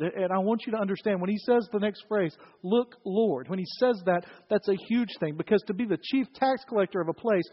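A male pastor preaching a sermon in a conversational, storytelling way with wry humor. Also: high voice. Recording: dull, reverberant church recording.

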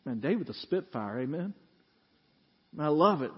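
Man, sermon, husky voice, dull lo-fi audio, long hall reverb. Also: fairly high pitch, moderate pace, long pauses. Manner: animated storyteller, acts out voices and laughs. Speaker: pastor.

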